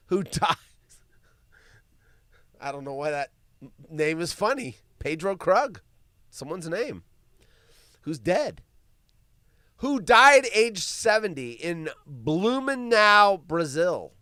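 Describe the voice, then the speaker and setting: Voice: medium pitch, big pitch swings, slow, pauses often, sharp tone, no echo, studio quality. A live stream host doing solo commentary, ranting with profanity, mocking asides and laughter while reading the news aloud.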